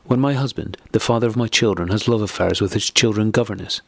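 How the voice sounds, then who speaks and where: Man reading furious betrayed wife, audiobook, deep gravelly voice, husky. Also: fast talker, no echo. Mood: bitter. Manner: sharp, accusing outbursts. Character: distraught wife, bitter and furious.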